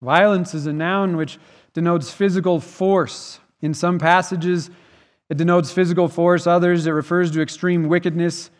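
A man's voice: sits high, fairly even intonation, normal speed. A man preaching a sermon as pastor, earnest and emphatic, his voice swelling and dropping in volume. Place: church sanctuary. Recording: long reverb of a church hall.

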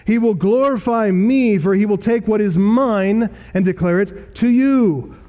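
Unhurried and mellow, the pastor's high voice reads scripture aloud in long hall reverb. His expository preaching stays earnest and emphatic.

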